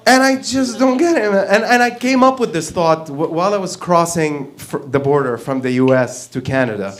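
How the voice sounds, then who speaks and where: A man doing stand-up on an open mic stage, voice sitting a little on the high side. He rambles, swears freely and keeps laughing at his own jokes. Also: animated, moderate pace. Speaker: stand-up comedian. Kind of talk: stand-up routine.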